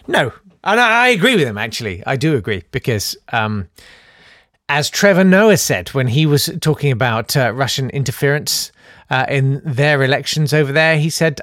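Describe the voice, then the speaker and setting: A man hosting a satirical comedy monologue, sarcastic and mock-indignant, who sometimes breaks into shouted riffs. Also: mid-range voice, animated, moderate pace, no echo, clean studio sound. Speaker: comedian host.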